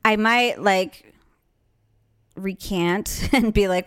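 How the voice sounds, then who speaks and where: A woman's voice: mid-range voice, expressive, unhurried, clean tone. A woman chatting casually as a co-host, teasing and playful. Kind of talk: casual chat.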